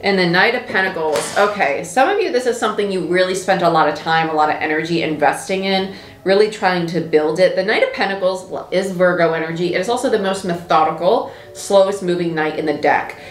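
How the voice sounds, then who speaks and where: A woman's voice: fairly low pitch, a little fast, echoey room. A woman giving a casual tarot reading, talking in an emphatic, repetitive, chatty way. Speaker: tarot reader.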